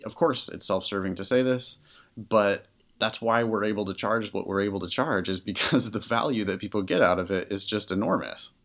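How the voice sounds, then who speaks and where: A man's voice: lowish voice, moderate pace, creaky, a bit bright. A man co-hosting a podcast as a test-prep tutor, talking candidly and animatedly with plenty of filler words. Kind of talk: casual podcast conversation.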